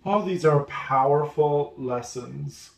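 An educator interviewing a former student in a casual talk, affirming and quick to laugh. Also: mid-range voice, creaky, echoey room, recorded from a distance, a little hiss or hum. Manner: warm, affirming, laughs easily.

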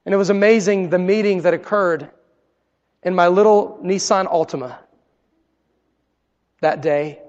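A male pastor with a high voice preaches with earnest, personal storytelling, sinking into hushed tones for emphasis. His voice rings out with a long reverb, as in a big hall. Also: normal speed, highs cut off. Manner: earnest, personal storytelling with dramatic quiet drops. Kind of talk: sermon.

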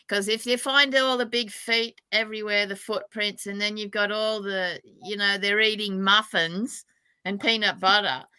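An Australian woman chats as a guest on a live stream. She talks slowly and playfully in a bright, fairly high voice, and the sound is dry. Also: smooth, no room sound. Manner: giggly and playful. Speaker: psychic guest. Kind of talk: casual live-stream chat.

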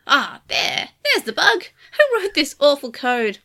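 A man's voice: extremely high pitch, wildly swooping pitch, unhurried, gravelly, sharp tone, voice pushed up, full character voice. A woman voicing a distracted, grumbling male assistant professor in a storybook reading, with a grunting, curt way of talking.

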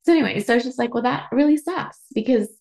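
Her voice is fairly high and darkish with vocal fry, and she talks fast with lively intonation. She's a Canadian woman in her thirties hosting a podcast, telling a frank personal story that turns emotional and tearful, peppered with swearing and fillers.

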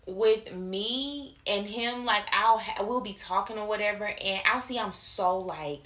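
A woman's voice: medium pitch, measured pace, fairly bright tone, roomy sound. A woman co-hosting a podcast, chatting candidly and bluntly in casual slang. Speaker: podcast co-host. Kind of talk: casual chat.

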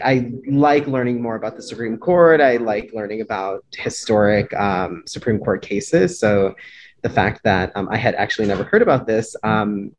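Halting man guest on a podcast. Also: lowish voice, a little hiss or hum. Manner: hesitant, halting with ums. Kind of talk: casual discussion.

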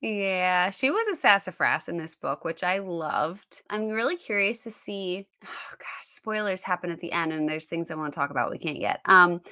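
A woman co-hosting a podcast in casual book chat, chatty and quick to laugh. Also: on the low side, expressive, bright, forceful tone, no echo, clean studio sound. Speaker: podcast co-host.

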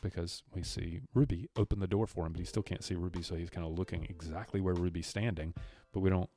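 A co-host on a podcast retells a film's scenes loosely, performing the characters' lines amid rambling and repeated restarts. His low, warm voice stays steady while he talks fast.

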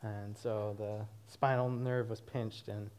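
He is a man in his twenties sharing a personal testimony with his church, animated and frequently laughing. The voice is lowish, clear, and resonant, and he speaks slowly.

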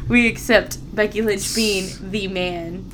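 Slow-talking giggly woman. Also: mid-range voice, fairly even intonation, background noise. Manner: giggly, enthusiastic, drawn-out emphasis. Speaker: podcast co-host. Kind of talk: casual wrestling recap chat.

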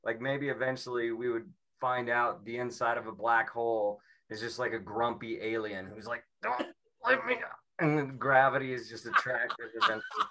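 A man from Seattle doing a rambling, self-mocking stand-up set, slipping into quick mimicry of people. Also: medium pitch, sharp tone. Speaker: stand-up comedian.

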